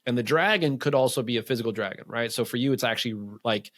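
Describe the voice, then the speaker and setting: A man speaking as a coach in a casual interview, talking quickly and loosely with many fillers, acting out what others say. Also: mid-range voice, fairly bright tone, no room sound, clean studio sound. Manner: fast, loose talk full of fillers, acts out quotes. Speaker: men's coach and podcast guest.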